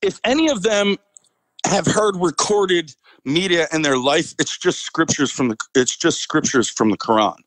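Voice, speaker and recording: A man's voice: on the high side, animated, normal speed, fairly bright tone, no room sound, rough recording. Vet guy rambling through a story on a podcast, lots of uh and you know, dry close mic. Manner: rambling, fillers, chuckles often. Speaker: military veteran guest. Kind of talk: casual storytelling.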